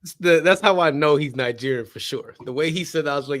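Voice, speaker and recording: A man co-hosting a casual podcast, lively and joking. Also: fairly high pitch, a little fast. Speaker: podcast co-host. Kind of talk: casual chat.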